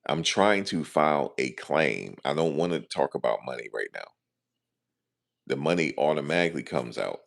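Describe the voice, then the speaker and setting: A man's voice: very deep voice, a little fast, creaky. A man vlogging casually, telling a story in loose American slang with lots of asides. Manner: animated, slangy, lots of "you know what I'm saying".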